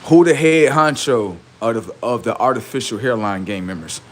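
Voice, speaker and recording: A man's voice: mid-range voice, lively intonation, normal speed. A man hosting a livestream, delivering a boastful, heavily profane rant that taunts the people he is mocking. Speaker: livestream host.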